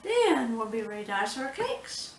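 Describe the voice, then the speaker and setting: A woman, chatty and unhurried, leading a casual home cooking tutorial in her kitchen. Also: fairly high pitch, big pitch swings, distant mic, slight background noise. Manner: chatty, unhurried, says "y'all". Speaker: home cooking show host. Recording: echoey kitchen, mic set back.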